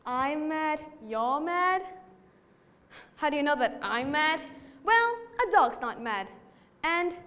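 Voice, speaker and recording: A student actress performing the Cheshire Cat as a playful, riddling stage monologue in a hall. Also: female voice, high-pitched, a bit bright, full character voice. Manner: playful, teasing, theatrical. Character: sly riddling Cheshire Cat, grinning and teasing. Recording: reverberant hall.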